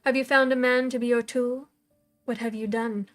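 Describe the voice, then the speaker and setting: A woman voicing a cold, scornful dark mentor. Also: fairly high pitch, level tone, normal speed, soft background music, close to an everyday voice. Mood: cold, commanding.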